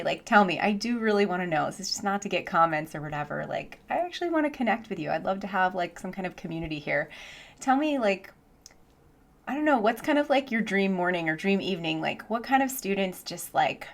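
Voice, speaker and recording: A woman teaching English online, chatting casually in a vlog with lots of "like" and easy laughter, speaking into a boom headset mic from her home office. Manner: chatty, says "like" often, laughs easily.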